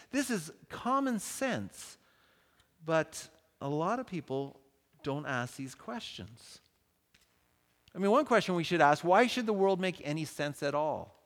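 A man speaks with a lively, bouncing delivery that swings widely in pitch and sits somewhat high for a male voice. He jokes with his listeners in an easy conversational way while giving a talk on faith at a church event. A long hall reverb follows his words through the large space. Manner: animated, joking, conversational.

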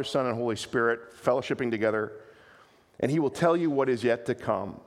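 A man preaching a sermon in an earnest, animated way, often restarting his phrases. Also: medium pitch, long reverb tail. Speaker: pastor.

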